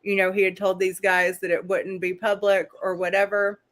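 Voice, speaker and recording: A woman hosting a casual live stream, talking through a documentary in a chatty, unscripted way. Her voice sits at a middle pitch, and she stops now and then to read letters aloud. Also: level tone, moderate pace, a bit bright. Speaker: host.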